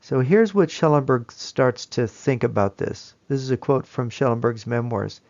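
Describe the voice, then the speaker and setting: A man giving a lecture-style presentation, telling the story in a measured, emphatic way. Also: medium pitch, creaky, a little mellow, dull audio.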